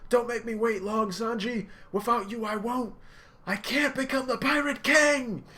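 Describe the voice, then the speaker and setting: A man reading comic lines plays a stubborn young pirate captain who refuses to back down. The voice is pushed far higher than his normal speech and delivered as a loud, insistent shout. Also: a little slow, heavily acted. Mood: pleading. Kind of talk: reading manga dialogue aloud.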